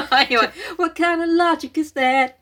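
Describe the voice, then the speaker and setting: A woman's voice: sits high, fairly even intonation, normal speed, fairly bright tone. A young woman, co-hosting a casual podcast, giggly and swearing. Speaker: podcast co-host. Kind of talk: casual chat.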